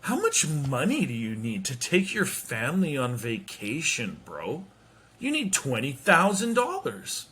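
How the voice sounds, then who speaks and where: A man with a slightly husky voice tells a comic story on his podcast. He talks slowly and loosely, swears freely, and breaks into quick impressions of the people he describes. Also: a little high, wildly swooping pitch, pushed and bright. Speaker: podcast host. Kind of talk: casual comedic monologue. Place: home.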